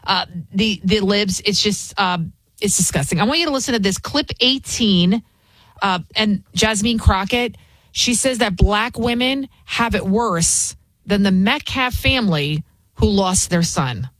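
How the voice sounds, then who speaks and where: A woman's voice: mid-range voice, animated, measured pace, dry recording, rough recording. Woman host ranting, heated and scornful, dry close sound. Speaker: political commentary host. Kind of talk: opinion commentary.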